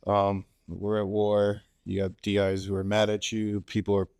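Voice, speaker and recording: A man's voice: lowish voice, completely flat delivery, normal speed, darkish tone, clean tone, dry recording, studio quality. A man who hosts a podcast and has served as a Marine, asking questions in a laid-back way, often searching for his words. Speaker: podcast host, Marine veteran. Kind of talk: interview questions.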